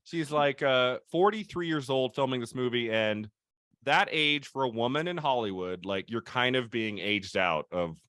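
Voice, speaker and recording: A man's voice: medium pitch, moderate pace, fairly bright tone, no room sound, clean studio sound. A man hosting a film podcast, chatting casually and laughing often as he talks over a movie. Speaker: podcast host.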